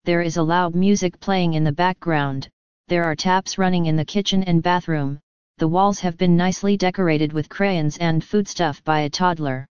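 A woman narrates a story in an even, matter-of-fact way. Her voice is on the low side and very clear. The recording is dry and a little dull. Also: normal speed, no echo.

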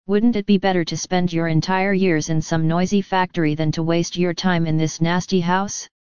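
A woman narrating a story in an even, matter-of-fact reading style. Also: on the low side, moderate pace, smooth, dry recording, muffled recording.

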